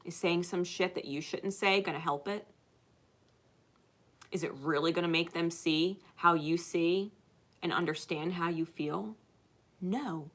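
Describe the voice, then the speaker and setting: Bright, blunt, profane woman. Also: lowish voice, a little slow, pauses often. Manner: blunt and profane, swings from loud to hushed. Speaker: spiritual channel host. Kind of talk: spiritual advice monologue.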